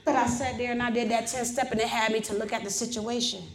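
A high-voiced woman shares her recovery story before a meeting. She speaks in loose, colloquial grammar and tells it with animated emphasis that drops to near-hushed reflection. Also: fast. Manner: animated storyteller, loud and soft by turns. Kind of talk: personal recovery testimony.

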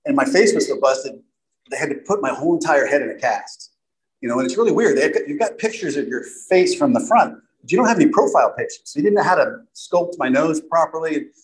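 A man's voice: a little high, lively intonation, brisk, poor audio. A middle-aged man giving a candid personal testimony to an audience, rambling and full of "you know" asides. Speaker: speaker sharing a recovery story.

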